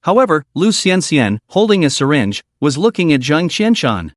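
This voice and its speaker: A man's voice: a little high, very animated, moderate pace, no room sound, studio quality. A man narrating a scripted story recap in a dramatic storytelling manner.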